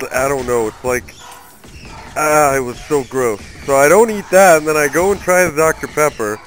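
A man's voice: on the high side, a bit bright, a little hiss or hum, low-quality recording. A young man hosting a let's play, giving angry, profane, rambling commentary while he plays. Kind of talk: profane gaming commentary rant.

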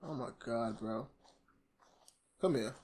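A young man giving excitable, slangy let's-play commentary while gaming. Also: mid-range voice, slow pace, a little hiss or hum. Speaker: gamer.

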